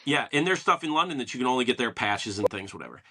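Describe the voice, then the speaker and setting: A man's voice: mid-range voice, animated, quick pace, sharp tone, slightly rough. A man hosting a podcast, chatting casually and telling stories with enthusiasm, acting out what people said. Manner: enthusiastic storyteller, acts out quotes. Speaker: podcast host. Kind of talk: casual interview chat.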